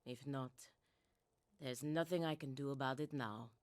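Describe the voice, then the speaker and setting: A woman voicing a pragmatic, resigned female envoy in a video game, speaking in a measured, composed way. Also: rumbling low, a little mellow, no room sound. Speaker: game character.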